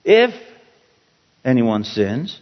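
A man teaching a Bible passage as a pastor, slow and emphatic, repeating key words for his listeners. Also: medium pitch, sing-song. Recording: dull, roomy hall sound.

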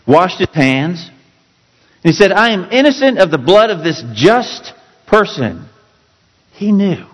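Dramatic male preacher in reverberant church. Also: medium pitch. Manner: dramatic, emphatic storytelling with sudden drops to quiet. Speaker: pastor. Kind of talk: sermon.

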